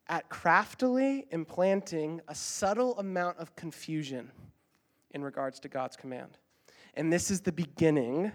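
Male preacher, higher-pitched voice, earnest and emphatic, explains with ums and uhs. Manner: uses fillers like um and uh when explaining. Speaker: pastor. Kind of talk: sermon.

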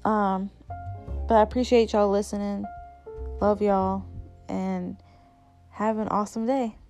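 A young woman talks straight into the mic for her own podcast, candid and loose, full of "um"s, "like"s and self-corrections. Her pitch sits in an ordinary middle range. Faint music plays softly behind her. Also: little pitch movement, a little slow. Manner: chatty, candid, many fillers and restarts. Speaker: podcast host. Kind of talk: casual solo podcast chat.

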